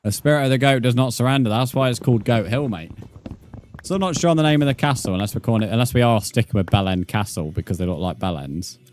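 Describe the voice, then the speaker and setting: A man's voice: mid-range voice, expressive, fast, a little mellow. A young man streaming a game live, bantering with his chat, swearing and laughing often. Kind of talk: casual live-stream chat while gaming.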